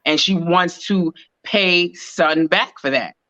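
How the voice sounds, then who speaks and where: A woman co-hosting a casual reality TV recap, talking in a relaxed way with lots of filler words. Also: fairly low pitch, takes it slowly, no room sound. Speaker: podcast co-host.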